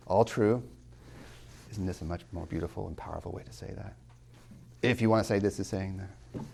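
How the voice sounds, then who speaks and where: A man teaching a class as a college tutor, emphatic, asking rhetorical questions and slowing down to stress key words. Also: fairly low pitch, creaky, dark tone, slightly rough. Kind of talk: classroom lecture on poetry.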